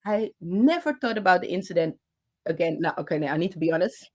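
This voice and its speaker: A woman tells a personal story to her viewers, speaking with passion and gesturing with her hands as she talks. Her voice sits a little low, and she pauses often, restarts phrases and fills gaps with ums and uhs. She speaks into a handheld microphone. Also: lively intonation, a little mellow. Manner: halting, many fillers and restarts. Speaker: channel host.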